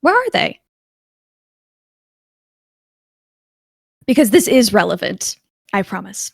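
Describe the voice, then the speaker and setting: A woman voicing a young woman in a tabletop game who urgently demands answers about her parents in a high, pleading voice. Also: big pitch swings, fast, sharp tone, no room sound, clean studio sound, exaggerated voice. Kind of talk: tabletop game role-play.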